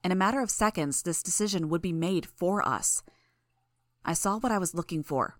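A woman reads a tense first-person action story aloud. Her voice sits a little low for a woman and stays steady. The sound is dry and close, with no room echo. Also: normal speed. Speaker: audiobook narrator. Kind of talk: first-person fan audiobook narration.

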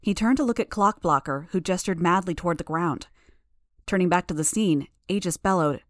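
A woman with a lowish voice narrates an audiobook chapter in the first person, reading in a steady, measured way. The recording is dry, with no room sound.

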